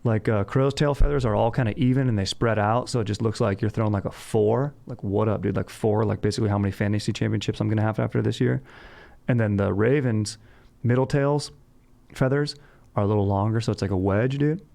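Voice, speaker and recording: A man's voice: fairly low pitch, fairly even intonation, fairly quick, vocal fry, dark tone. A man hosting a comedy podcast, riffing in laid-back slang and saying "dude" all the time. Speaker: podcast host. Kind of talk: casual comedic podcast chat.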